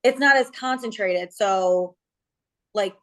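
A woman's voice: mid-range voice, slow pace, fairly bright tone. A woman who works as a cosmetic injector, explaining things casually and hedging with lots of fillers on a podcast.

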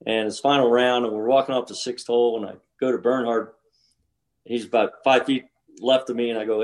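A man's voice: medium pitch, steady tone, fairly quick. Rambling older man telling golf stories. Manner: rambling storyteller with frequent restarts. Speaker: podcast co-host, former pro golfer. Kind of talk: casual chat.

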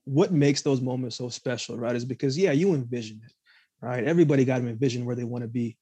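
Guy hosting a chat, husky voice, dry close sound, gets emphatic and fired up. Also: medium pitch, quick pace, mellow, no room sound. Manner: emphatic, motivational asides. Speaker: podcast host. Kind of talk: casual interview chat.

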